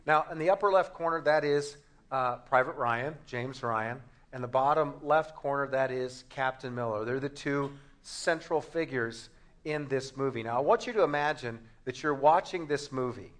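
A man's voice: medium pitch, moderate pace, a bit bright. A man, a pastor, preaching a sermon to a congregation in a conversational, joking way with frequent restarts. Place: church before a congregation.

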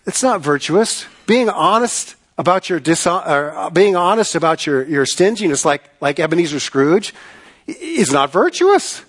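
A man's voice: fairly high pitch, very animated, moderate pace, fairly bright tone. A man preaching a sermon, earnest and emphatic, repeating phrases and asking rhetorical questions. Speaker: pastor.

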